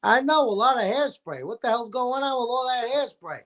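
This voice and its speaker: Brief: high-pitched man, enthusiastic storyteller, casual guest chat. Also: lively intonation, brisk, fairly bright tone. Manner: enthusiastic storyteller with gravelly impressions.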